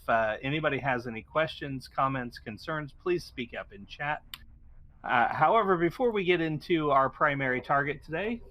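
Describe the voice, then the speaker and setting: A man co-hosting a casual gaming podcast, upbeat and quick to laugh. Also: mid-range voice, bright, forceful tone. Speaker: co-host.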